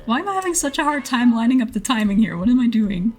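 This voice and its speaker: A woman's voice: a little high, sing-song, fast, a little mellow, slight background noise. A young adult woman streaming a game live, often laughing, flustered and apologizing to her chat.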